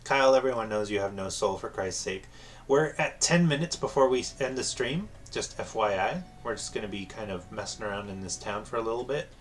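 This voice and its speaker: A man's voice: on the low side, brisk, a little hiss or hum. A man streaming a video game live, commenting in a wry, sarcastic way.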